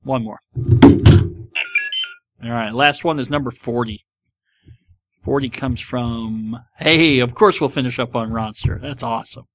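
A man's voice: mid-range voice, unhurried, pauses often, a bit bright, dry recording. A middle-aged man hosting a casual podcast, answering listener questions in a rambling, self-mocking way. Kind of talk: casual chat.

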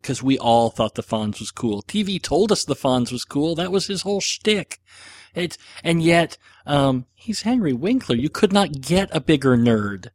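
A man's voice: a little high, expressive, a little slow, darkish tone. A middle-aged man hosting a podcast, answering listener questions in a rambling, self-deprecating casual chat with plenty of fillers.

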